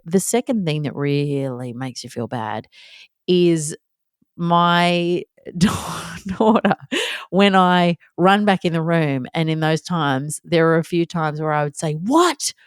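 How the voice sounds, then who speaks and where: A woman's voice: deep voice, takes it slowly, clear, resonant tone, dry recording, studio quality. A woman in her thirties hosting a candid solo podcast, chatty and self-deprecating, acting out little scenes in her talk. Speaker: podcast host.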